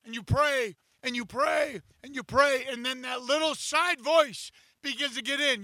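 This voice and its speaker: A man preaching a sermon in church, speaking scripture aloud in the first person and rising to impassioned shouts. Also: very high-pitched, measured pace, hardly any pauses, no echo, low-quality recording. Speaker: pastor.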